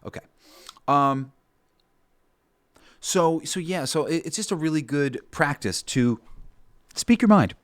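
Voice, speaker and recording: A man's voice: a little high, animated, slow, pauses often. A man hosting a podcast, talking through an idea in a rambling, casual monologue full of swearing and fillers. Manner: rambling, profane, with many fillers. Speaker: podcast host.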